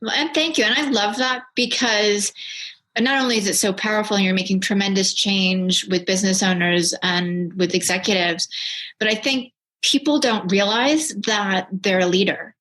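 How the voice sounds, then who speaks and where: A woman's voice: medium pitch, normal speed, fairly bright tone. A woman hosting a podcast interview, affirming her guest and asking her questions. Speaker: podcast host. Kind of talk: conversational interview.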